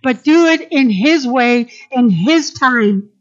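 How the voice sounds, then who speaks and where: A woman preacher delivers a sermon with fervent, emphatic repetition. Her voice sits high. The recording sounds dull and lo-fi. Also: lively intonation, slow.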